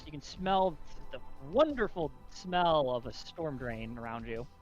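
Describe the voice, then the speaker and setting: A man runs a tabletop vampire game as game master, with a fairly high voice for a man. He narrates haltingly, restarting phrases and filling gaps with "uh", over background music. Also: lively intonation. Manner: halting, with many restarts and fillers.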